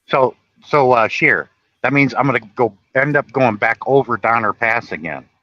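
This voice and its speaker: Man, casual chat, animated storyteller, bright tone, dull lo-fi sound. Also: mid-range voice, normal speed, no room sound. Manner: animated, laughs while retelling movie scenes. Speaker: guest on a live stream.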